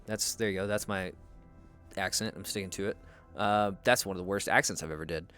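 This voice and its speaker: A man's voice: deep voice, fairly quick, fairly bright tone, soft background music. A young man chatting casually as a streamer while he plays a game, rambling and swearing freely. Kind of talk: casual gameplay commentary.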